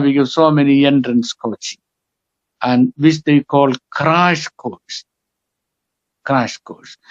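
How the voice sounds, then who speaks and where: Emphatic man with a Kerala accent. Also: fairly high pitch. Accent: Indian English, Kerala. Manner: emphatic, repeats words slowly for stress. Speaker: guest speaker. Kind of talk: lecture on English usage. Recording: dull lo-fi recording.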